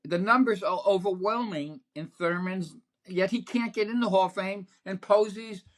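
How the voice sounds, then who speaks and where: An older man who is a sportswriter, telling rambling, animated stories as a podcast guest with many restarts. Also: sits high, normal speed. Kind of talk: anecdotal podcast conversation. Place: podcast setup.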